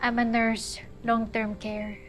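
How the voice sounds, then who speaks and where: A woman playing an adult Filipina nurse in long-term care, speaking with a Filipino accent in a steady, matter-of-fact way. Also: on the high side, slow, over music.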